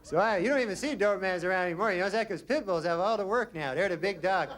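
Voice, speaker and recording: A man doing stand-up comedy in a deadpan, rambling way, full of trailing asides. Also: sits high, very fast, few pauses. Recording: noisy live stand-up recording.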